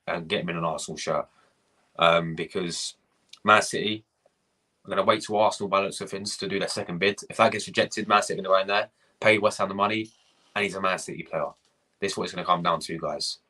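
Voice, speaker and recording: Ranting man, forceful husky voice. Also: deep voice, fairly even intonation, quick pace. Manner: ranting, swearing, repeating himself. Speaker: fan channel host. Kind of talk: live-stream rant reading chat.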